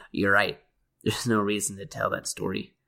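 A man's voice: fairly low pitch, little pitch movement, slow pace, creaky, bright, forceful tone, a little hiss or hum. A man in his thirties playing a support group member in a comedy sketch, giggling at his own jokes. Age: 30s.

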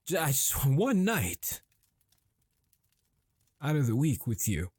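A man's voice: on the low side, no room sound. A man playing a frustrated, swearing husband. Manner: halting, swearing, escalating to yelling. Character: frustrated husband arguing with his wife at dinner. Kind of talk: improvised dramatic monologue.

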